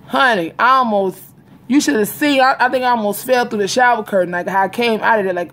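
A woman chatting casually to camera in an animated storytelling style, laughing often. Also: fairly high pitch, a little fast. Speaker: vlogger. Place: home, indoors. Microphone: phone or webcam camera.

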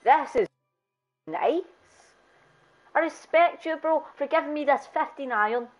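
A woman chatting excitably as she streams a game, laughing often and breaking into loud exclamations. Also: high-pitched, a little slow, dull audio. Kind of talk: casual gameplay chat.

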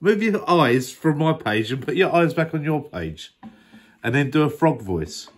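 A man reading a picture book with a partner, his pitch jumping about with lots of life. His voice is a touch husky, and he teases and bosses in a joking way. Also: sing-song, unhurried. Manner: teasing, bossy, joking. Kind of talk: playful read-aloud banter.

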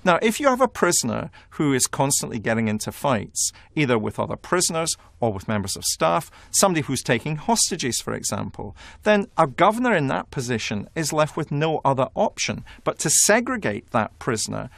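A man giving measured, analytical commentary in a documentary interview. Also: a little high, big pitch swings, vocal fry, a bit bright, no room sound. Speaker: prison expert.

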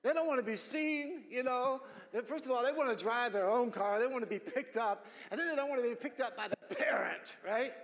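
A middle-aged man preaching a sermon as pastor, earnest, repeating phrases and building up to shouted emphasis. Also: very high voice, a little fast, few pauses, long reverb tail. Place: church sanctuary.

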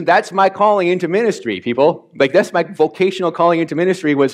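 A man, a pastor from Wisconsin, preaching a chatty, animated sermon in which he acts out his own reactions. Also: high-pitched, fast. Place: church sanctuary.

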